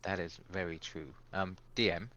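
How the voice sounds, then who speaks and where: A man's voice: low-pitched, fairly even intonation, moderate pace, sharp tone, lo-fi sound. A man playing a tabletop game, asking hesitant questions and correcting himself as he goes. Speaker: player. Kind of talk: casual tabletop play.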